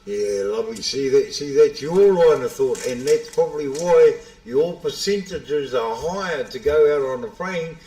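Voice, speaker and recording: A man's voice: on the high side, normal speed, hardly any pauses. A man giving casual live pool commentary, bantering and calling people bro. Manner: relaxed banter, calls everyone bro. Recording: echoey room.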